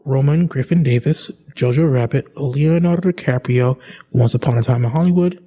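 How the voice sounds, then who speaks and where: A man with a slightly husky voice talks loosely about films and award picks. He rambles, restarts, and reels off nominee lists. The recording is dull and lo-fi. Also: mid-range voice. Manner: rambling, self-interrupting, reads nominee lists. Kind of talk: casual movie awards chat.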